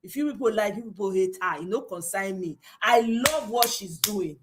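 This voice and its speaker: A woman's voice: mid-range voice, normal speed, background noise. A Nigerian woman with a Nigerian accent, slipping into Pidgin, hosting a political livestream and mocking with laughing asides and exclamations. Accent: Nigerian, mixing Nigerian Pidgin. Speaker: livestream host.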